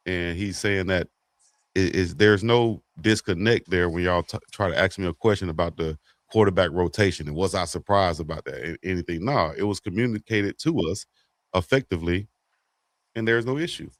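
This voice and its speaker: A man co-hosting a casual sports talk show, slangy and animated, acting out quotes. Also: low-pitched, normal speed, dry recording. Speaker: co-host.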